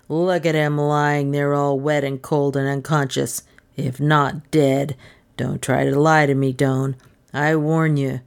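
A woman doing a blustering angry official. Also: deep voice. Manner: blustering, accusing.

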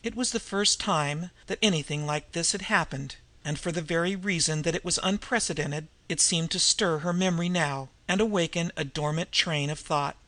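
A man reading a novel aloud in measured, even storytelling narration. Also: fairly high pitch, no echo. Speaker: audiobook reader. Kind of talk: scripted narration.

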